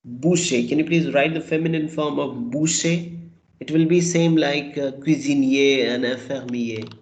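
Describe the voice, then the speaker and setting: A man teaches a language class at an unhurried, deliberate pace. He patiently repeats each word for his students. His voice rings in a noticeably echoey room. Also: a little high, darkish tone. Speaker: French teacher. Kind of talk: online language lesson.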